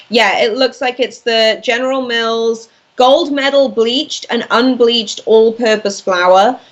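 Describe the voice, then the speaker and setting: A woman in her twenties, raised in Wales, chatting as a guest on a talk-radio interview with lots of "like" fillers. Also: medium pitch. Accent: Welsh-born, speaking with an American-leaning accent. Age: 20s. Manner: chatty, animated, many "like" fillers. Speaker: guest commentator.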